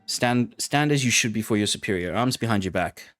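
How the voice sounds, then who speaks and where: A man's voice: fairly low pitch, animated, a little fast, a bit bright, no room sound, studio quality, faint music behind. A man voicing a stern, contemptuous male enforcer officer who barks orders and scolds. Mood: commanding.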